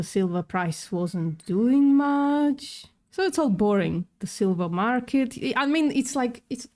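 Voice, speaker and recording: A woman with a non-native English accent chats on a livestream at an unhurried pace. Her tone is sarcastic and offhand, and she swears casually. Her voice sits at a middle pitch. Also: darkish tone.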